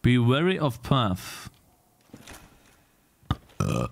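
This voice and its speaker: A young man streaming live gameplay commentary, swearing and yelling at the game, then apologizing. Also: medium pitch, wildly swooping pitch, very slow, gravelly.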